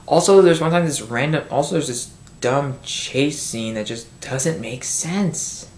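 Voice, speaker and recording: A man's voice: on the high side, measured pace, a little mellow. A man ranting angrily in a movie review. He rambles, restarts sentences and swears, recorded on a built-in camera microphone at home. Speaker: film reviewer. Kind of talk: angry movie review rant. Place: home room. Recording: echoey room, built-in camera mic.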